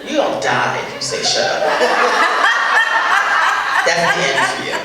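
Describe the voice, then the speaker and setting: An older woman comedian doing stand-up on a charity show stage, telling stories in an animated, exasperated way with punchy asides. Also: mid-range voice, fairly quick, very noisy. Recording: echoey hall, voice far from the mic, faint ambience.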